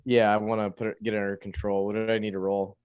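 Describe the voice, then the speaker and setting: Hesitant man with a smooth voice. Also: fairly low pitch, flat delivery, a little mellow, no room sound. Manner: hesitant, halting, full of ums. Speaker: player. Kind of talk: tabletop game play.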